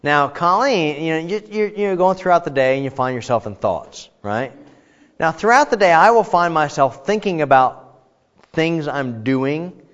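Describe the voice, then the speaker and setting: A man preaching a relaxed, conversational sermon in a church, joking and often pausing on fillers. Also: a little high. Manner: chatty and joking, frequent fillers. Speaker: pastor. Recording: echoey hall, dull sound.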